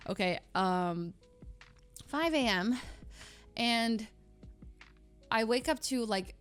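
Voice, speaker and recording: A woman's voice: a little high, expressive, slow, clear, resonant tone, soft background music. A young woman streamer telling a story in a dramatic way, full of "like" fillers and acted-out sounds. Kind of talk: animated storytelling.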